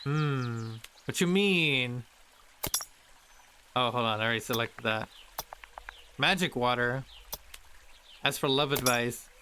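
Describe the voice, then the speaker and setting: A man's voice: mid-range voice, takes it slowly, pauses often, noisy background. A man streaming a game, casually commenting and reading the game's text aloud in a playful way. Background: game music.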